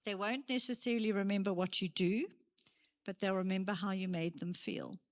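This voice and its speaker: A woman giving a motivational career talk to young people, lively and acting out her examples. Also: medium pitch, a little fast. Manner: lively, acts out examples, moves around while speaking. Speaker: career day speaker. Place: church hall.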